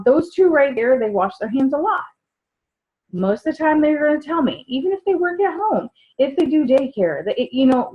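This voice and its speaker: A sales trainer with a slightly high voice coaches new sellers in a loose, chatty, casual training talk. She keeps slipping into short acted dialogues to show how a customer conversation goes, and the sound is dull and lo-fi.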